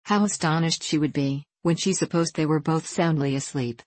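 A woman narrating a children's storybook in a gentle, even reading voice. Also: low-pitched, moderate pace, no echo.

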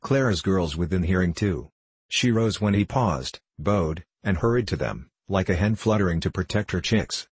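Deep husky male audiobook narrator. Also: animated, moderate pace, no room sound. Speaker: audiobook reader. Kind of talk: scripted narration.

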